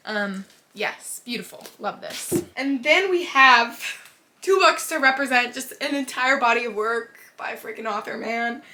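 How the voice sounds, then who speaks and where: Bright gushing young woman book vlogger. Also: fairly high pitch. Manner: gushing, emotional, swears casually, trails off and restarts. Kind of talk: casual chat to camera.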